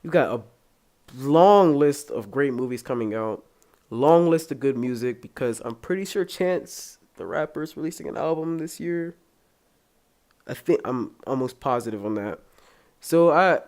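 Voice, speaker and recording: A man's voice: a little high, a little mellow. Rambling young man hosting a solo podcast. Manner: rambling, joking, casually profane. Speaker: podcast host. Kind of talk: casual solo podcast chat.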